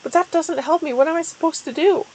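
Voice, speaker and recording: A woman voicing a melodramatic young female cat heroine with high, wailing outbursts. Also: quick pace, darkish tone, slight background noise, poor audio.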